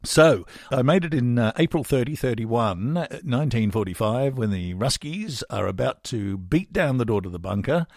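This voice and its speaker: A man's voice: medium pitch, lively intonation, moderate pace, hardly any pauses, darkish tone, dry recording, clean studio sound. A middle-aged Australian man hosting a podcast, chatting wryly in a rambling, casual way. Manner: chatty, wry, rambling with fillers. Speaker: podcast host and songwriter.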